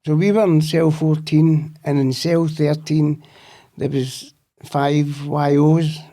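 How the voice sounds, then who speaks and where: A man's voice: on the high side, level tone, slow pace, dark tone. A man with a Scottish accent, telling rambling, profanity-laced stories as a guest in a casual interview. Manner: swears freely, rambling anecdotes. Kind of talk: casual storytelling.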